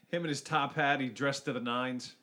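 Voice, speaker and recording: A man's voice: mid-range voice, pushed and bright, a little hiss or hum. A man chatting casually and with amusement while commenting on a movie he is watching with friends.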